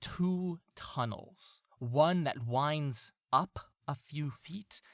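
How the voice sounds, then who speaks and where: A man's voice: a little high, very slow, fairly bright tone, no echo, studio quality. Man running a tabletop game. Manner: laughing often, descriptive. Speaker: game master.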